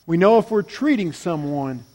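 A male pastor preaching a sermon. He swings between loud, emphatic lines and quiet, low asides. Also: very animated, normal speed, big-room sound.

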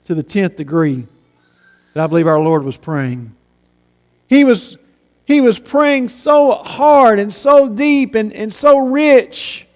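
A man preaching a sermon, swinging between hushed, drawn-out phrases and raised, pleading passages. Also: very high voice, clean tone. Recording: long hall reverb.

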